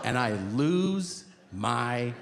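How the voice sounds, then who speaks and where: A middle-aged male comedian tells profane stories on stage at a mid pitch. He slips in and out of characters and launches into loud rants. Steady background noise sits under his voice, as in a live recording. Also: extremely slow, gravelly. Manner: profane, animated, acts out characters and yelling. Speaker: stand-up comedian. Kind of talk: stand-up comedy storytelling.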